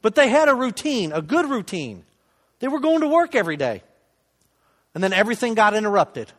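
A middle-aged man giving a sermon testimony from a church stage, conversational and self-deprecating, swinging between loud emphasis and hushed asides. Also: high-pitched, sing-song, brisk. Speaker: lay preacher giving a testimony. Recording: long reverb of a church hall.

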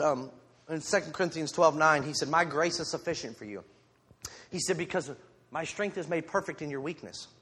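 A man's slightly high, fairly bright voice with a breathy edge carries through a church sanctuary's long hall reverb. He is a lay preacher giving his congregation a candid, informal sermon on a handheld mic, full of self-deprecating humor and joking asides.

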